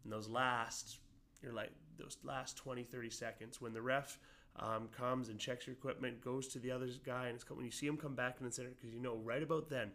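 Rambling man, mid-pitched. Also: steady tone, fairly quick, fairly bright tone. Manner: rambling, many fillers and restarts. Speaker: amateur boxer guest. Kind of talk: casual interview answers.

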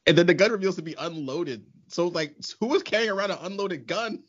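A man co-hosting a casual podcast chat, animated and exasperated, laughing often. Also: high voice, fairly quick. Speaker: podcast co-host. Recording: muffled lo-fi.

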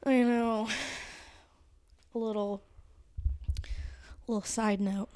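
A woman's voice: fairly high pitch, flat delivery, takes it slowly, mellow, clean tone. A woman co-hosting a podcast, chatting casually and candidly with lots of fillers. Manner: chatty, candid, says like a lot. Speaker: podcast co-host.

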